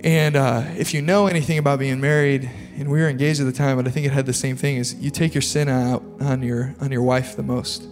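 A man's voice: mid-range voice, level tone, a little fast, hardly any pauses. A man preaching a sermon testimony, earnest and confessional, talking loosely with lots of fillers, in a large hall with an audience. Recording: long hall reverb with faint music behind.

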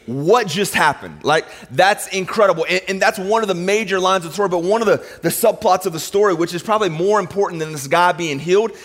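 A man's voice: high voice, a bit bright. Man preaching casually in a reverberant hall. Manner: casual and conversational, repeats words as he goes. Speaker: pastor. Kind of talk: sermon. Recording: long reverb of a large hall.

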